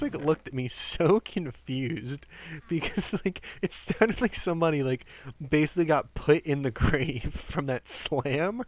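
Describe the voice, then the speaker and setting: A man in his twenties telling rambling work stories on a game stream, animated, swearing often and stumbling over restarts. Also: a little high, measured pace. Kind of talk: casual storytelling while gaming.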